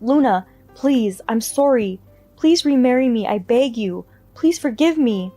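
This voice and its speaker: A woman's voice: on the high side, lively intonation, a little slow, dark tone, pitched above the performer's own voice. A woman voicing a remorseful, pleading grown man, an ex-husband who begs forgiveness, over faint music. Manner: pleading and shaken.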